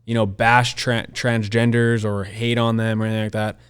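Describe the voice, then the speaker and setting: A man's voice: on the low side, level tone, normal speed, clean tone. A man co-hosting a Christian podcast, talking in an earnest, emphatic way and repeating his key phrases. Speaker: podcast co-host. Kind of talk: conversational Christian podcast discussion.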